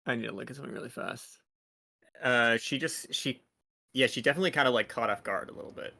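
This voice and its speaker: A man's voice: mid-range voice, fast, vocal fry, bright, forceful tone. A man running a tabletop game as dungeon master, narrating scenes loosely with many fillers.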